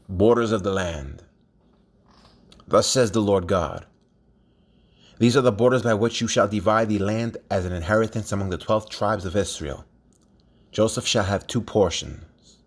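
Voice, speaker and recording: A man with a somewhat low voice reads a long scripture passage aloud. He keeps a steady, even reading pace and now and then stumbles and restarts a word. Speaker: scripture reader.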